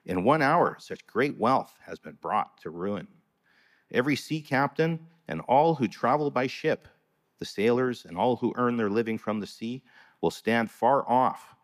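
A man's voice: medium pitch, expressive, measured pace. A man reading a long scripture passage aloud in a church service, solemn and rising to proclamation on the quoted cries. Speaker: scripture reader.

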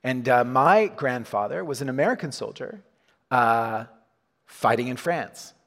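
A man's voice: medium pitch, lively intonation, measured pace, in a large hall. A man preaching a sermon in a church, chatty and informal, with frequent restarts and chuckles. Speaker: pastor. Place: church hall.

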